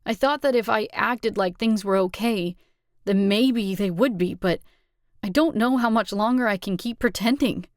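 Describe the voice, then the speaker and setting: Brief: hurt, tearful teen girl, as a woman reads her, slow and wounded. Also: mid-range voice, no room sound, clean studio sound, close to an everyday voice. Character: hurt teenage girl, best friend, tearful.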